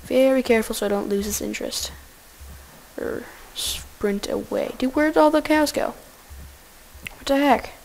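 Woman doing casual game commentary, kinda high voice with a gravelly fry, goofy and excitable. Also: measured pace, slight background noise. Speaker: gameplay commentator.

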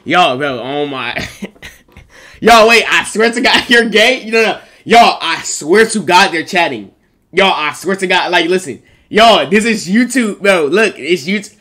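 A young man streams live, reacting casually and ramblingly as he protests again and again with excitable energy. His voice sits high and his pace is measured.

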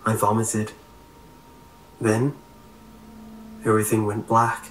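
A man narrating a scripted horror story in a slow, measured way. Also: fairly low pitch, monotone. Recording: roomy echo, faint hiss.

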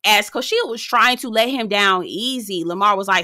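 A woman hosting a casual reality TV recap, sassy and animated, swearing freely as she talks straight to her viewers. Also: medium pitch, moderate pace, no room sound, studio quality.

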